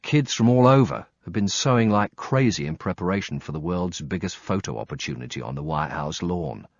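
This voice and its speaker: A man's voice: low voice, animated, brisk, no echo. A man reading a first-person audiobook with dry, wry storytelling and blunt swearing, on slightly muffled audio. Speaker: audiobook narrator.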